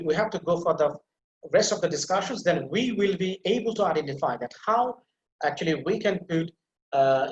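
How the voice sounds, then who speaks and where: A male teacher giving a pronunciation lecture, repeating example words slowly and stressing their syllables, a native Bengali speaker. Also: fairly high pitch, roomy sound. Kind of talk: online lecture.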